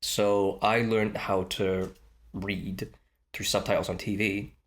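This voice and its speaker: A man with a Swansea Welsh accent chatting casually on a podcast, animated and acting out the voices of people he quotes. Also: lowish voice, takes it slowly. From Wales. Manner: animated storyteller who acts out quoted voices.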